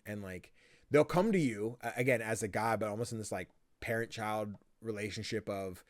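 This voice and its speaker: A young man hosting a podcast, chatting casually and acting out quotes in lively voices. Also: lowish voice, normal speed, no room sound, clean studio sound. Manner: animated, quotes himself and others in lively voices. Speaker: podcast host. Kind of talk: casual chat.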